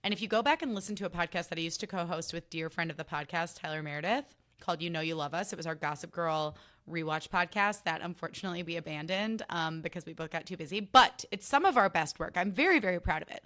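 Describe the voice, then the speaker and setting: Sassy, bright-voiced podcast host woman. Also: fairly low pitch, quick pace, hardly any pauses. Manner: animated, sassy and self-mocking, often acting out quotes. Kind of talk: casual solo podcast chat.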